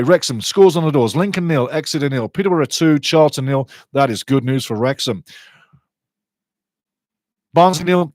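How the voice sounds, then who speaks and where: A man's voice: fairly high pitch, dry recording. A man hosting a live football watch-along, giving chatty fan commentary and reading out viewer comments.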